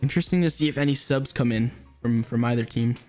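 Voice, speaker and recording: A man's voice: mid-range voice, quick pace, darkish tone, soft background music. A man casually commentating a mobile esports tournament, chatty and rambling, often restarting his sentences. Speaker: esports caster.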